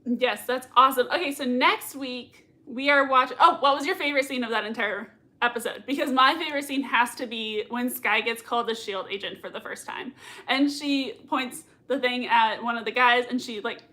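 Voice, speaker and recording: A woman's voice: fairly high pitch, normal speed, pushed and bright. A woman hosting a casual livestream, reading viewer comments aloud in a giggly, gushing way and laughing often. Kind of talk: casual live watch-party chat.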